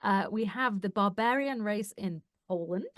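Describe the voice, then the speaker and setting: A woman co-hosting a relaxed chat show, answering with short, playful quips. Her voice is mid-pitched and sounds close and dry, with no room around it. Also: unhurried, no echo. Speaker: podcast co-host. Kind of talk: casual chat.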